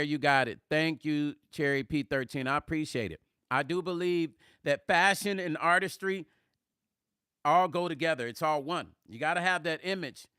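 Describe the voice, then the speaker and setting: A middle-aged man hosting a live music vlog, reading viewer comments aloud in casual chat, animated and emphatic and repeating words for emphasis. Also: a little high, smooth, no echo, studio quality. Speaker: music vlogger hosting a livestream.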